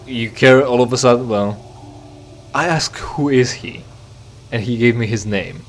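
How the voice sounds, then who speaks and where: Casual, sarcastic and rambling, a let's play commentator talks over his gameplay and voices the on-screen dialogue himself. He has a mid-range voice and speaks a little slowly, and there's a little hiss or hum.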